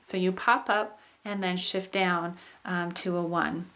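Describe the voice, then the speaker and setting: A woman teaching as she explains patiently, often saying "um" and "okay," and demonstrating phrases with exaggerated rises and falls in pitch. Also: steady tone, unhurried, fairly bright tone. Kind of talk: explaining English intonation.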